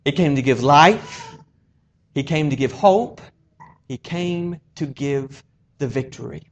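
A male preacher with a slightly higher voice delivers an earnest sermon. He swells to loud, emphatic lines and then drops to a soft hush. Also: takes it slowly.

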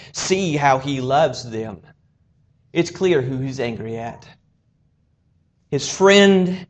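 A male preacher with a slightly higher voice gives an earnest sermon, building to loud, emphatic lines before dropping to a soft hush.

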